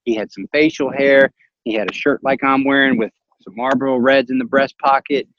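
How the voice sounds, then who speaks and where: A man's voice: mid-range voice, brisk, dry recording, dull audio. A man casually telling a story, acting out the voices of the people in it and laughing often. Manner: animated, acts out quoted voices, laughs often.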